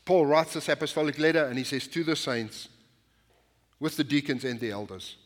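In a church sanctuary, a male pastor with a fairly high voice preaches at a moderate pace, and the room leaves a long reverb tail. His sermon is conversational and full of anecdotes, and he often restarts his sentences.

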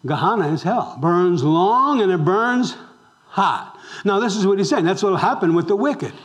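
A man preaching a sermon as pastor, asking the congregation questions and moving between loud emphasis and hushed tones. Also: sits high, animated, normal speed. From raised Roman Catholic. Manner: swings between loud exclamations and hushed near-whispers.

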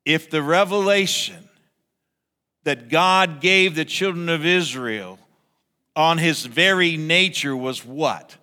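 A male pastor preaching in a church, his voice bright and forceful and pitched a little high. He talks in an animated way and acts out voices in the story. The sound rings with the long reverb of a large hall. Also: slow. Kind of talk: sermon.

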